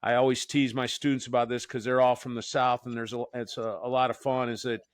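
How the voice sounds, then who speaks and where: A man's voice: medium pitch, flat delivery, a little fast, dry recording. A man from the Northeastern US hosting a podcast as a professor, joking and rambling with many restarts. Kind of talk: casual podcast chat.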